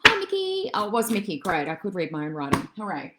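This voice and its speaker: A woman as a psychic medium doing a live-stream reading. She chats with viewers, calls them darling and love, and wanders through her thoughts with soft fillers. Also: low-pitched, quick pace, very noisy. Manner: chatty and meandering, many soft fillers.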